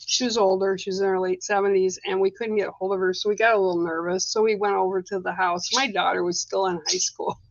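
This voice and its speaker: A woman's voice: medium pitch, fairly even intonation, fast, highs cut off. A middle-aged woman giving spiritual card readings on a casual live stream, chatty and rambling with lots of fillers and restarts.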